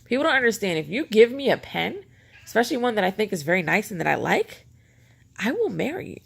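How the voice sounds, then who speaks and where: Her mid-range voice is gravelly with a breathy edge, sing-song and a little fast. She's a planner vlogger at home giving a casual show-and-tell of her pens, rambling, chatty and self-mocking.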